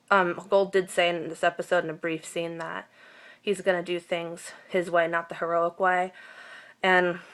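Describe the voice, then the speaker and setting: A woman recaps a TV episode in a casual vlog, talking in a slightly low voice. She gushes with emotion and fills her talk with ums and restarts. She speaks into a simple home mic. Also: fairly bright tone. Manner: emotional, gushing, many fillers. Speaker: TV recap vlogger.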